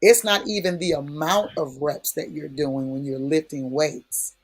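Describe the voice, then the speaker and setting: Man, prayer-session preacher, husky and a touch high, folksy and emphatic. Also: steady tone, measured pace, soft background music. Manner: folksy, emphatic, repeats key phrases. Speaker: prayer speaker.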